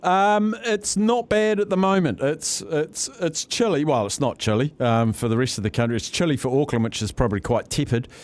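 A man's voice: fairly high pitch, fairly quick, hardly any pauses, darkish tone. A man hosting talkback radio, chatting with callers in an amused, easygoing way. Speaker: radio host. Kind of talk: casual talkback radio chat.

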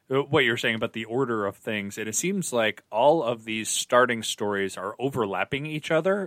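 A man's voice: lowish voice, pushed and bright, no room sound. A man co-hosting a podcast, talking through ideas in a thoughtful, hesitant way. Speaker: podcast co-host. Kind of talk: casual book discussion.

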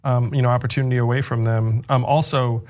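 Guest candidate, male, casual and talky, fillers and restarts, middle pitch. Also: level tone, fairly quick, darkish tone. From United States. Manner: loose and chatty, many fillers and restarts. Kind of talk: casual interview answers.

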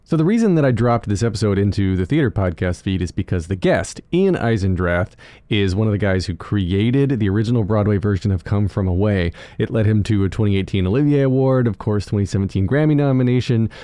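A man's voice: fairly low pitch, dark tone, no room sound. Upbeat chatty male podcast host. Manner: upbeat, chatty, with filler words. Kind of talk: casual podcast chat and intro.

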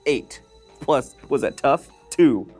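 A man's voice: mid-range voice, animated, takes it slowly, a little mellow, breathy edge, faint music behind. Offhand man at the gaming table. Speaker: player. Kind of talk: casual tabletop play.

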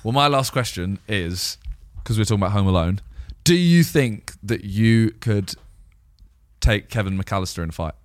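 A man co-hosting a relaxed podcast, he leads the questions with a wry, easygoing touch. His pitch rises and falls freely. The recording is close and dry. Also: normal speed, no room sound. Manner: quizzing, leading the questions, wry. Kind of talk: casual chat.

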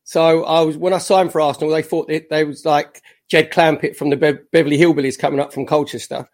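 A Cockney man from East London, a former footballer and podcast guest, telling chatty, lively stories from his career. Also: on the high side, a little fast. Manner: chatty, animated anecdotes with acted quotes. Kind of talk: casual podcast storytelling. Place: his home in the country.

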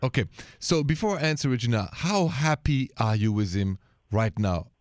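A middle-aged man with a French accent hosts a call-in radio advice show, talking in a relaxed way and dropping French phrases into his English. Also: medium pitch, moderate pace, no room sound. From France.

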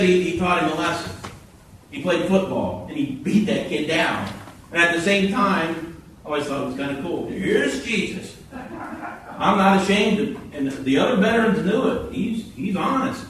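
A man preaching a sermon, telling stories with animated quoted voices, heard from a distance in a church hall. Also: a little high, moderate pace, slight background noise. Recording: echoey hall from far off.

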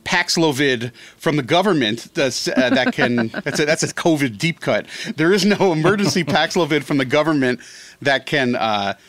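Animated man chatting about movies. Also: fairly high pitch, moderate pace, no echo. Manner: animated, rambling, self-correcting. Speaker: film critic guest. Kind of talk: casual podcast chat.

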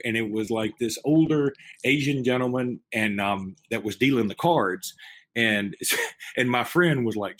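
A man's voice: medium pitch, a bit bright. A man, co-hosting a casual sports podcast from a hotel room, rambling with many restarts and laughs. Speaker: podcast co-host.

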